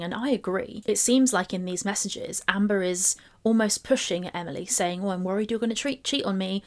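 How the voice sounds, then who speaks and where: A woman giving commentary on text messages, reading them aloud and picking them apart. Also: lowish voice. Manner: reads screenshots aloud and picks them apart. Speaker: commentary YouTuber.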